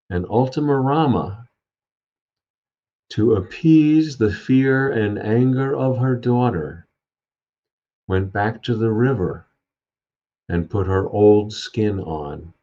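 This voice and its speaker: A low-voiced man tells an ancient tale, then muses on what it means, pausing often with fillers. He sounds like he is on a video call, with a dull, lo-fi tone. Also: expressive, dark tone. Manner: unhurried, hesitant with fillers. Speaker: storyteller and speaker. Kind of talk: reflective spiritual talk.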